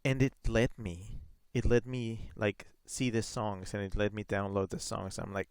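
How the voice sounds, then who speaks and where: A man's voice: on the low side, flat delivery, measured pace, hardly any pauses, smooth, no room sound. Rambling man streaming a game. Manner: rambling, many fillers, reads chat messages aloud. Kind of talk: casual live-stream chat while gaming.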